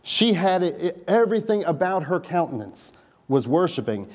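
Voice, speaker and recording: A man's voice: high-pitched, sing-song, moderate pace, a little mellow. A man preaching a sermon in a conversational style, with wry asides to the congregation. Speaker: pastor.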